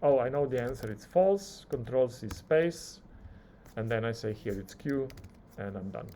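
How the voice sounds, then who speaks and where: A male lecturer teaching a live coding class, talking through each keystroke and acting out the software's replies. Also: mid-range voice, lively intonation, moderate pace, slight background noise.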